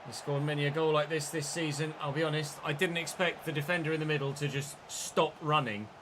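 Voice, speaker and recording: Guy streaming a footy game, commentator voice, bit high, muttering asides. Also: fairly even intonation, a little fast, noisy background. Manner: commentating like a football broadcaster, with muttered asides and outbursts. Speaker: gaming streamer.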